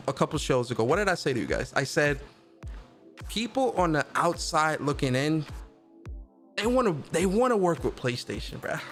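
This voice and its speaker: A man hosting a gaming livestream, chatting in a loose, slangy, animated way. His voice sits a bit on the high side, and faint music plays under him. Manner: slangy and animated, reads out chat comments. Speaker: host of a gaming news stream. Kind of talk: casual livestream chat.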